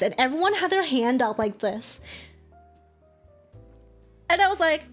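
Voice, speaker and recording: Animated young woman telling a story. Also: sits high, measured pace, long pauses, faint music behind. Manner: animated storytelling, swearing, acting out quotes. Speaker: streamer. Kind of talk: casual chat.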